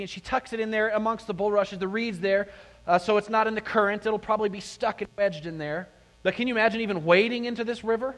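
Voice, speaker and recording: A man's voice: high voice, fast talker. A middle-aged man preaching a sermon to a congregation, telling stories and asking the listeners questions. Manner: storytelling, animated, addresses the congregation with questions. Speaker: pastor. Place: church sanctuary. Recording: long hall reverb.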